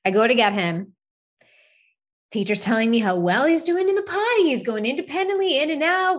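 A woman in her thirties, a podcast co-host, tells a personal story in casual chat, candid and swearing freely, with lots of "like" fillers. Her voice sits on the high side with big pitch swings, at normal speed.

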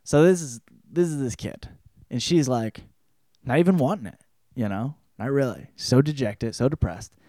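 A man hosting a podcast, giving a casual spoken book report in a profane, rambling way, breaking into loud quoted outbursts. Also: mid-range voice, animated, normal speed, no room sound, studio quality. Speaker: podcast host.

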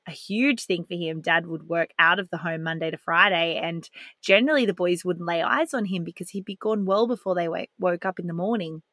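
A woman's voice: fairly low pitch, a little fast, a bit bright, dry recording. A woman, hosting a podcast and telling a candid, heartfelt personal story with the odd laugh. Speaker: parenting podcast host.

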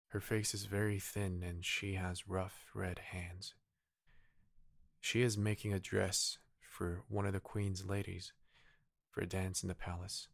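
A sorrowful golden statue prince, as a man puts him on for a bedtime story. The voice is soft, mournful and low, with a gravelly edge. It is recorded dry and close. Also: dry recording, heavily acted.

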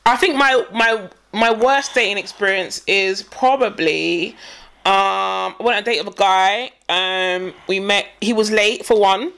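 A woman's voice: mid-range voice, a little slow, vocal fry, a bit bright. A young woman co-hosting a casual podcast with her sister, telling stories in a chatty way. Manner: chatty storyteller, playful mimicking of voices. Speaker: podcast co-host. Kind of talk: casual chat.

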